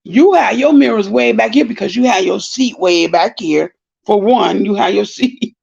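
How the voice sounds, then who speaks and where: A middle-aged woman hosts a rambling live-stream chat, her gravelly voice full of fry and a husky edge. She tells a story in animated bursts, exclaiming as she goes. The recording sounds dull and lo-fi. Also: mid-range voice. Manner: animated, exclaiming, long-winded. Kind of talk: casual storytelling monologue.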